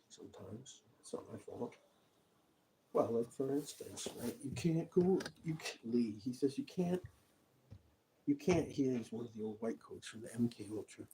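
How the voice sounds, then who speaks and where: A man vlogging a rambling personal monologue, talking to the viewer with many asides and often dropping to a quiet mutter. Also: mid-range voice, moderate pace, slight background noise, poor audio.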